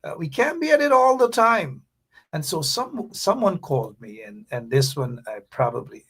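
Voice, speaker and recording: Guy hosting his own talk show, gravelly husky voice, kinda high and bouncy, chatty, whispers asides. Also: sing-song, moderate pace, a bit bright. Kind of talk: casual livestream talk show monologue.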